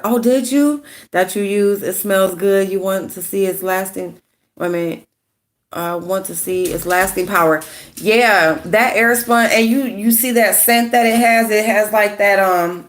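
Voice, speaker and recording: A woman with a sick, hoarse voice chatting casually with viewers while doing her makeup, greeting them by name and gossiping. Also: medium pitch. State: sick, hoarse voice with a runny nose. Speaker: YouTube commentary host.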